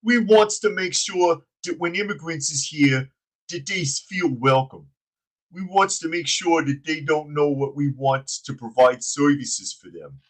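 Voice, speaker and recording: A man's voice: a little high, measured pace, pitched above the performer's own voice. A man doing a dim-witted tough-guy voice. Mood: mocking, dim. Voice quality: bumbling broken grammar with "bada bing" catchphrase. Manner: mocking caricature.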